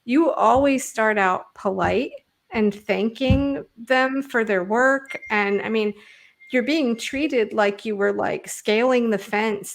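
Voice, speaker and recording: Gravelly-voiced woman interviewer. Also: medium pitch, low-quality recording. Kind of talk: interview conversation.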